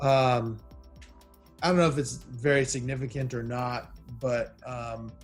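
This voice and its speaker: A man with a mid-range voice joins a casual panel about a TV show and lays out his points carefully, pausing often with ums and uhs. Faint music sits low behind him. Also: steady tone. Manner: measured and thoughtful, many ums and uhs. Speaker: podcast panelist.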